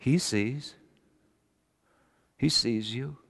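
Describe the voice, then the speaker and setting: A middle-aged man preaching a sermon as pastor, animated, swinging from soft asides to shouting. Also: medium pitch, extremely slow, vocal fry, breathy edge. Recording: long hall reverb.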